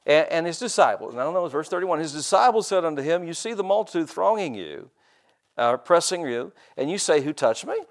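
A man's voice: on the high side, lively intonation, brisk. An older man preaching a sermon in a folksy, conversational way, often repeating and restarting words and acting out quoted voices. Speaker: pastor.

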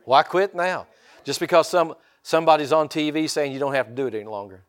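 This older Indiana preacher talks at a quick pace in a slightly high voice. His sermon has a folksy feel, and he keeps asking the congregation for an amen.

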